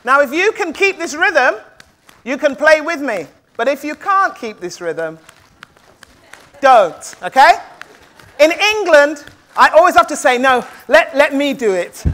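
A woman's voice: high voice, sing-song, unhurried, long pauses, fairly bright tone. A woman storyteller telling a tale live to an audience in a playful, rhythmic, call-and-response manner.

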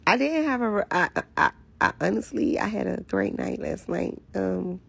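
Woman, raspy and breathy, hoarse, rambling profane livestream chat, phone mic. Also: medium pitch, sing-song, normal speed. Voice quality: raspy, gravelly voice. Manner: candid and profane, rambling with constant fillers. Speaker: livestreamer chatting with viewers.

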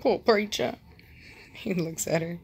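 A woman at home talking to her dogs and the camera, switching between soft baby talk, firm commands and easy laughter. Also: on the low side, measured pace, gravelly. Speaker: dog breeder filming her dogs. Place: home, indoors.

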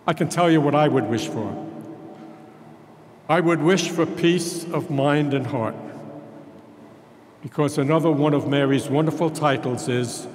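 A man's voice: fairly high pitch, unhurried, long pauses, a little mellow. An older man, a priest, preaching a sermon in a folksy storytelling manner. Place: large church. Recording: echoey church with long reverb.

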